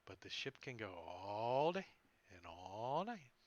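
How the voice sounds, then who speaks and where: A man running a tabletop game as game master, talking in a relaxed, rambling way on a voice call. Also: lowish voice, slow pace, no echo, highs cut off. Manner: relaxed, rambling, loose fillers.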